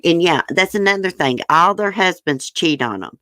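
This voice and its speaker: Woman streamer, low voice, dry close sound, chatty and blunt, answers her chat. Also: animated, moderate pace, pushed and bright, no echo. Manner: chatty, frank and opinionated, talks back to viewer comments. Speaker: livestream host. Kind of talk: casual chat reading news and viewer comments.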